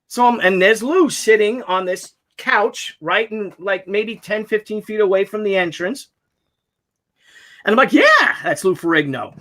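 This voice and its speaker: A man's voice: high-pitched, measured pace. A man telling a long anecdote in casual chat, rambling and restarting, swearing freely, on a video call. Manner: rambling, animated storyteller with many restarts. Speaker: podcast co-host.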